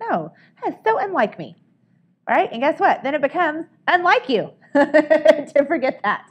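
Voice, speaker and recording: A woman's voice: high voice, big pitch swings, moderate pace. A woman giving an upbeat training talk to a group, coaching them and often checking in with "right?". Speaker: sales trainer.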